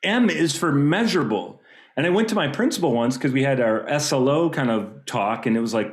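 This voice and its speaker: A fired-up man telling a story on a panel, animated as he speaks as a music teacher. His mid-pitched voice carries a roomy echo over a video call. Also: brisk.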